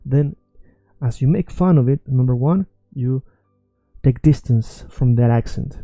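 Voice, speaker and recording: A man's voice: medium pitch, measured pace, dark tone, no echo, faint music behind, low-quality recording. A man teaching an online language lesson, talking casually and often checking in with "okay?" and "right?".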